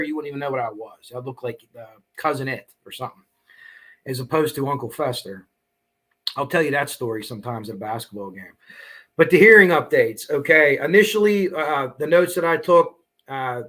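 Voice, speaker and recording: A man hosting a casual true crime livestream, rambling through asides and tangents, frank and profane, clearing his throat now and then. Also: on the high side, pushed and bright. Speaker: true crime channel host.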